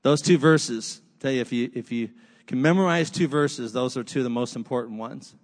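A man's voice: mid-range voice, normal speed. A man preaching a sermon, with repetitive rhetorical lists and casual conversational asides. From United States. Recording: long hall reverb.

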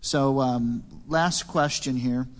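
A man hosting a church panel discussion, asking questions in a plain, measured way. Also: mid-range voice, long reverb tail. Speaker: panel host.

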